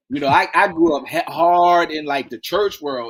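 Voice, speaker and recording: A man as an interview guest, telling stories in a lively, folksy way, acting out quotes and repeating key phrases. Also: on the high side, moderate pace, few pauses. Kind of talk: animated interview storytelling.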